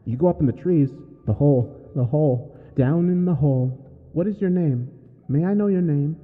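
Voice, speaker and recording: A man's voice: on the high side, normal speed, long reverb tail, narrow, tinny audio, voice pushed up, close to an everyday voice. A man voicing a menacing male creature that mimics a man's voice, repeating questions in a raised, insistent way.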